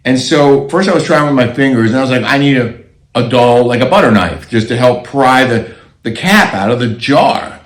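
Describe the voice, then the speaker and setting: A middle-aged man co-hosting a casual chat show, telling a story in a relaxed, chuckling way. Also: medium pitch, normal speed, roomy sound, low-quality recording. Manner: relaxed anecdotal storyteller, chuckles between lines. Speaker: co-host.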